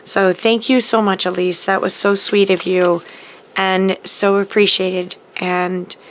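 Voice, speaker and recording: A woman's voice: medium pitch, level tone, slow pace, slight background noise. A middle-aged woman hosting a papercrafting channel, chatting casually and gushing about mail she received, with frequent ums and restarts. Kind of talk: casual happy-mail chat to camera.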